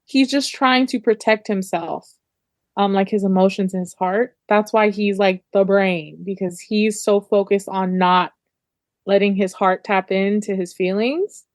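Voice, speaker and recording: A woman's voice: mid-range voice, fairly even intonation, measured pace, dry recording, studio quality. A woman co-hosting a casual book club discussion, working through her ideas thoughtfully with lots of "like.". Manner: thoughtful, explains with many "like"s.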